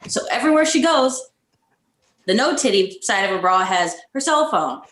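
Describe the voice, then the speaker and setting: A woman's voice: medium pitch, expressive, normal speed, fairly bright tone. A woman guest on a podcast who chats candidly and bluntly, laughing often. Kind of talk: casual conversation. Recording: echoey room sound.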